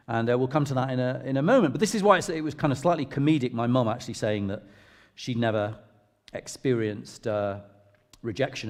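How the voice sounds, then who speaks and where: A man's voice: medium pitch, a little mellow. Middle-aged english vicar chatting through his own story, self-deprecating, big hall echo. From England. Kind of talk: personal testimony in a church talk. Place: church hall. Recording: long reverb of a large hall.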